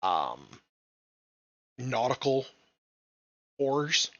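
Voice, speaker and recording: A man with a Southern US accent co-hosting a podcast in casual chat, halting and self-mocking. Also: mid-range voice, very animated, sharp tone, dry recording, dull audio. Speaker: podcast co-host.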